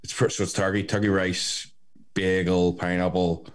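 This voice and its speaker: A man talks casually, blunt and jokey with constant swearing. His voice sits very low. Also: level tone, normal speed. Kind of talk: casual chat.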